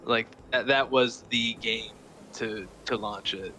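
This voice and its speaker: Young man, bright forceful voice, laid-back hesitant chat, faint background hiss. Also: mid-range voice, steady tone, slow, rough recording. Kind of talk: casual chat.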